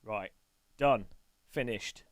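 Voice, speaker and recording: A man's voice: lowish voice, slow pace, dry recording. A man streaming a racing game, talking to himself in a goofy, playful way. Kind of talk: casual live stream chat.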